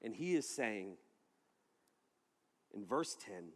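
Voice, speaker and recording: A man preaching a sermon to a live audience, telling a funny story in an animated way, laughing and shouting as he acts out the scene. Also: fairly low pitch, slow. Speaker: youth pastor. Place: large hall. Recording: echoey hall with long reverb.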